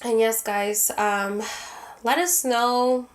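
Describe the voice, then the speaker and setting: A woman's voice: a little high, steady tone, slow. A woman co-hosting a casual podcast, teary after crying, candid and laughing, swearing casually and slipping in Spanish words. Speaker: podcast co-host. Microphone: handheld mic.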